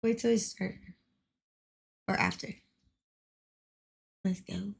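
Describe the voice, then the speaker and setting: A woman's voice: on the high side, lively intonation, slow pace, creaky, pauses often, fairly bright tone. A woman livestreaming in a casual, playful way, giggling and swearing now and then as she chats.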